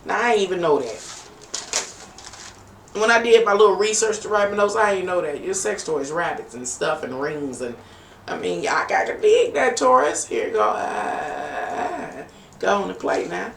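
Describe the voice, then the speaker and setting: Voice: mid-range voice, sing-song, normal speed, creaky, a bit bright. Chatty tarot reader in echoey room. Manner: chatty, playful, teasing asides. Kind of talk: live-stream tarot reading. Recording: echoey room, distant from mic, faint noise.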